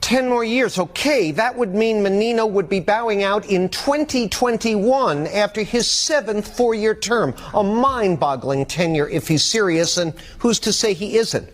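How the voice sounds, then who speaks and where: A man reading a news report in a measured, wry tone. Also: high voice, lively intonation.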